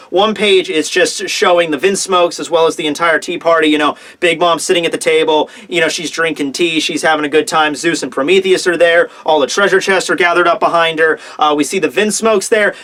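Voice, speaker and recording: A young man casually reviewing a comic chapter, excitable and profane, acting out the characters' lines. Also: fairly high pitch. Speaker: manga reviewer.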